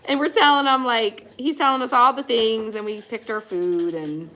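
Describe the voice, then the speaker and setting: A woman's voice: fairly high pitch, moderate pace, sharp tone. A woman co-hosting a casual crafting livestream, telling stories with lots of acted-out quotes. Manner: chatty storyteller, acts out quotes. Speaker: livestream co-host. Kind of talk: casual chat while crafting.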